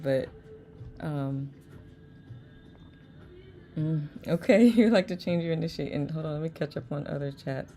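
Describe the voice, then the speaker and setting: A woman hosts a live online chat, reading viewers' messages aloud and laughing often. Her voice sits low with a gravelly fry and a mellow, dark tone. Soft music plays faintly behind her. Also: a little slow, pauses often. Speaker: host.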